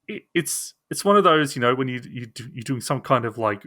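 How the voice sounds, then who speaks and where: Bright-voiced hesitant podcast co-host man. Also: medium pitch, animated, brisk, dry recording, clean studio sound. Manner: hesitant restarts, sarcastic, hedges with opinions. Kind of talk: casual debate chat.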